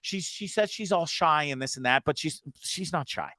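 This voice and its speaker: A man hosting a casual podcast, talking in profane, excitable rants and repeating himself as he gets worked up. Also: fairly high pitch, moderate pace, dry recording. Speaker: host.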